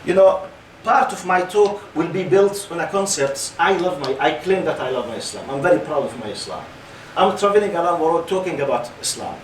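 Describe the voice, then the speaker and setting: High-voiced man lecturing in echoey hall. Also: lively intonation, brisk, slight background noise. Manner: engaging, questions the audience. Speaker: Islamic lecturer. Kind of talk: lecture to a young audience. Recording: roomy hall, mic at a distance.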